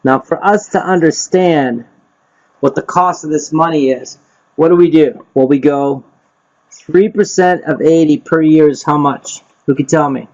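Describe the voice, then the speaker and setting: A man's voice: fairly high pitch, a little slow, a little mellow. A man leading a live lesson on loan interest, quizzing his group and tagging "right?" onto his points. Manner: quizzes the group, repeats himself, frequent "right?" and "okay?". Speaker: real estate investing instructor. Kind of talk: live teaching session. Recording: dull lo-fi sound.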